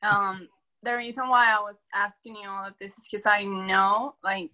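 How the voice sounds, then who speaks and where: A woman calling in to a coaching session, speaking hesitantly and softly. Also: medium pitch, flat delivery, moderate pace, poor audio. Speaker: caller. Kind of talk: casual chat.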